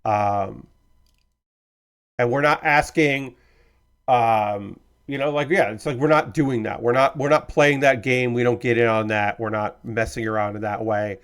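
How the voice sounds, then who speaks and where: Man, streamer host, casual chat, rambling, hedging, apologetic, mid-pitched voice. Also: fairly even intonation, measured pace, clear, resonant tone. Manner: apologetic, easygoing.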